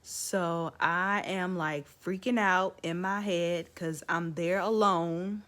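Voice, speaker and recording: A woman's voice: fairly low pitch, fairly even intonation, slow, fairly bright tone. A woman vlogger casually telling her own story to the camera, chatty, with lots of "like" and "um".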